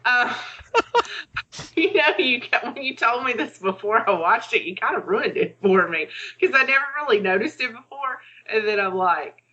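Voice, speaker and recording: A chatty woman co-hosts a casual podcast, with lots of fillers, and acts out her own thoughts as she talks. Her voice is bright and crisp, and the recording sounds a little dull. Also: a little high, expressive, moderate pace, hardly any pauses. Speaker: podcast co-host.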